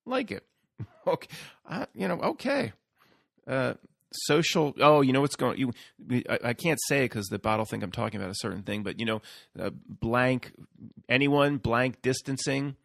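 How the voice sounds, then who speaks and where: A man's voice: medium pitch, a little slow, vocal fry, pauses often, a bit bright, no echo, studio quality. A man hosting his own channel, talking casually in a rambling solo monologue full of restarts and fillers. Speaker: YouTube channel host.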